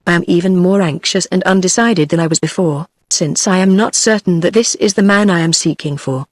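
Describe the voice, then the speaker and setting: A text-to-speech woman's voice with a British accent, reading the lines of a frank middle-aged landlady in a storybook in an even synthetic way. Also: fairly low pitch, brisk, no room sound, studio quality, natural voice. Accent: British English. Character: middle-aged female hotel landlady, frank, quick to take offence.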